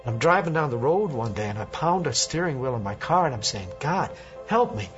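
A man's voice: mid-range voice, a little fast. Man telling a testimony in vivid present tense. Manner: animated storytelling in the present tense. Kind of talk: personal faith testimony. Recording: lo-fi with background music.

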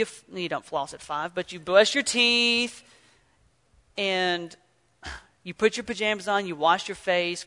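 A man preaching an earnest sermon, telling stories and swinging from loud emphasis to near-whisper. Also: high-pitched, in a large hall. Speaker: pastor.

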